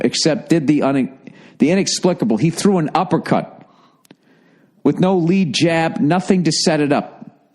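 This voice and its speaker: A man's voice: mid-range voice, darkish tone. Male podcast host, 40s, casual comedic monologue, profane and rambling.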